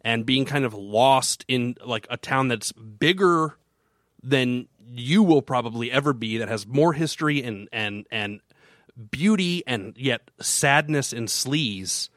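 A man's voice: mid-range voice, expressive, slow, a bit bright, dry recording, studio quality. A man hosting a casual podcast chat, telling a rambling story with many restarts. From Florida. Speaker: podcast co-host.

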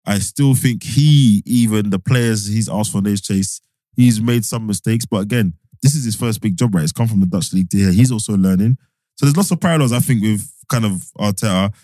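A man, co-hosting a casual football podcast, talking in animated, slangy bursts. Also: lowish voice, fairly quick, no room sound. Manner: animated, slangy, mimics people he quotes. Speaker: podcast co-host.

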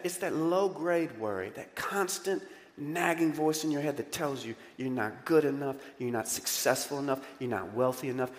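A male pastor preaching a lively, conversational sermon and often putting questions to the congregation. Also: a little high, in a large hall. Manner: animated, conversational, asks the crowd questions.

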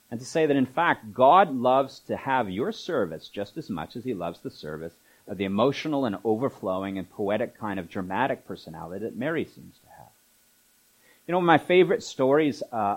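Male pastor, mid-pitched voice, chatty sermon style with asides and "uh"s. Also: low-quality recording. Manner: conversational preaching with asides and filler words. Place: church.

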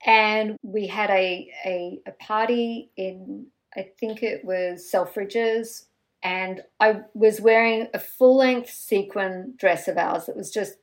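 A woman guest in casual chat, telling an animated story with fillers and laughter. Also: medium pitch, low-quality recording.

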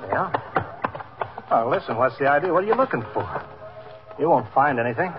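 A shifty young robbery suspect, voiced by a man, dodges every question with defensive answers in a 1950s radio drama. His voice is a little low. The old broadcast audio is dull, with faint music behind it. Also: expressive, moderate pace, close to an everyday voice. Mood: evasive.

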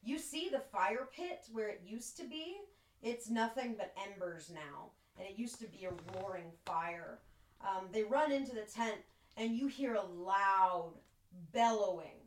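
Relaxed woman narrating as game master. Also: mid-range voice, measured pace, a little hiss or hum. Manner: relaxed, filler-heavy narration. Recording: echoey room, distant mic.

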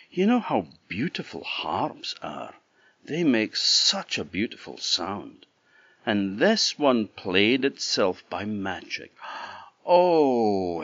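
A man from the Orkney Islands, telling a traditional fairy tale in an animated, conversational way with asides to the listener, on a dull, dry lo-fi recording. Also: deep voice, no room sound. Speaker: storyteller. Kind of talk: traditional oral storytelling.

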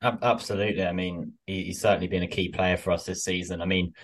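Deep, fast-talking male host. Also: fairly even intonation. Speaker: podcast host. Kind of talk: casual interview chat.

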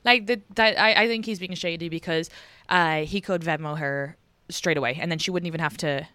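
A woman from Ireland, hosting a podcast and chatting candidly, swearing freely and talking in quick bursts. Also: fairly low pitch, sharp tone, dry recording. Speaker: podcast host. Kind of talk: casual podcast chat.

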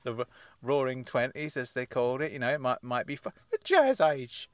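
A man's voice: mid-range voice, steady tone, fast talker, smooth, no echo, studio quality. Rambling podcast host, man. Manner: rambling, hesitant, many restarts. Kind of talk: casual comedy podcast chat.

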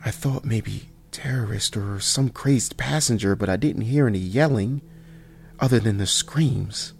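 A man narrating a first-person horror story in a slow, hushed delivery that sometimes drops to near whispers. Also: lowish voice, gravelly, slight background noise.

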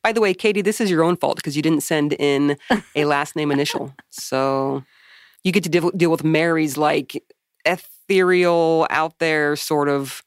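A woman's voice: low-pitched, a little slow, clear, resonant tone, dry recording, studio quality. A woman co-hosting a podcast in casual, joking chat, swearing freely and laughing often. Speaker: podcast co-host.

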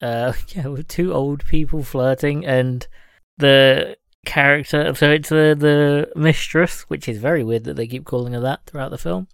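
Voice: medium pitch, fairly even intonation, unhurried, creaky, few pauses, clear, resonant tone, no echo. A podcast co-host chatting about a film with wry, dry humour. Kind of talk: casual film chat.

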